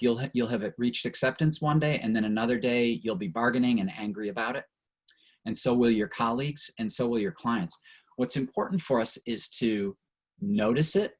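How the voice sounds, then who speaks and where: A man's voice: medium pitch, husky, low-quality recording. A middle-aged man leading an online training session over a video call, earnest and reflective, and openly emotional at times.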